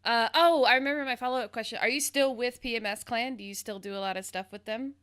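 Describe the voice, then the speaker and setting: A woman's voice: a little high, quick pace, fairly bright tone, smooth. A woman from the American South hosting a casual interview, bubbly and giggly. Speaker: podcast host, interviewer.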